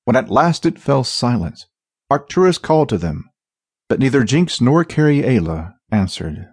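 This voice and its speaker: Husky, expressive male audiobook narrator. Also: mid-range voice, a little slow, no echo, clean studio sound. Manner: dramatic, expressive reading. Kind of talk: scripted fantasy narration.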